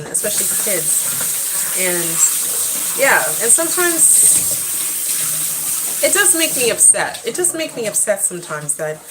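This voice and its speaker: Soft-spoken mother chatting to viewers. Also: medium pitch, slight background noise, low-quality recording. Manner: gentle, reflective, talks to viewers and her child. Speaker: mother and vlogger. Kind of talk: casual live vlog chat. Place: home.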